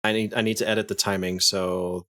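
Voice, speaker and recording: A man's voice: on the low side, little pitch movement, a little fast, sharp tone. A man who streams, casually walking through his video editing on screen while thinking aloud, restarting sentences and chuckling now and then. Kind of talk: casual screen-share tutorial.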